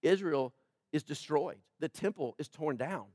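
A man preaching a sermon as pastor, swinging from loud emphatic peaks to quiet, slow scripture reading. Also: on the high side, no echo, studio quality.

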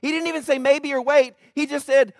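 A man's voice: very high voice, fairly even intonation, a little fast, no room sound, clean studio sound. A man preaching a sermon as pastor, talking conversationally to the congregation with jokes, asides and frequent checks like "right?".

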